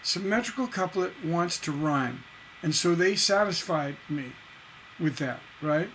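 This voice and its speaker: Middle-aged guy teaching songwriting, kinda high voice, punchy, sings bits of lyrics, faint hum behind. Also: unhurried, poor audio. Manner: lively, emphatic teaching, sings and recites lyric lines. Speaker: songwriting instructor. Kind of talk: livestream songwriting lesson.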